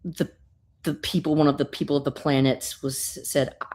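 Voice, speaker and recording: A woman recapping a comic book in an animated, casual way, swearing freely and using lots of fillers. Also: low voice, normal speed. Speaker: guest reviewer.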